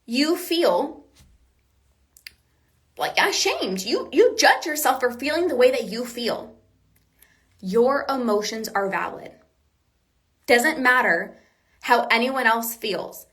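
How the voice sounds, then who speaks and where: A woman's voice: on the high side, animated, takes it slowly, long pauses, fairly bright tone. A woman hosting a coaching podcast, talking in an earnest, reassuring way that repeats key points. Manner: acts out quoted self-talk. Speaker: binge eating coach and podcast host. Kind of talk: motivational podcast talk.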